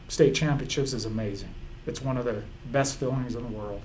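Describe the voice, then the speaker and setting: At normal speed and with few pauses, a man speaks in a mid-range, slightly mellow voice. He's a football coach in an emotional interview, rambling and restarting while reliving the season, choked up and laughing through tears against slight background noise.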